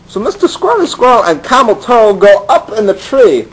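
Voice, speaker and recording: Deadpan man telling a kids' story. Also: high-pitched, moderate pace, few pauses, a little hiss or hum, rough recording. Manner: deadpan, rambling, addresses children. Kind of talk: bedtime-story narration for kids.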